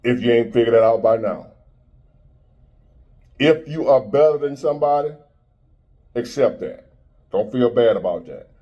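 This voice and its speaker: A man's voice: medium pitch, lively intonation, a little slow, long pauses, dull audio. A man in his fifties giving a blunt, preachy motivational monologue in street-style talk. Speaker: motivational speaker.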